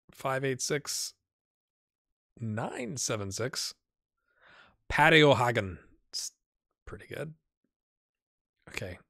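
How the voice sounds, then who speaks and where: A man chats his way through a live game stream, musing aloud as he clicks through menus. His voice is bright and forward, and the sound is dry and close, with no room behind it. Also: medium pitch, vocal fry, no room sound. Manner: chatty, talks to himself while playing. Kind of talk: casual live-stream commentary.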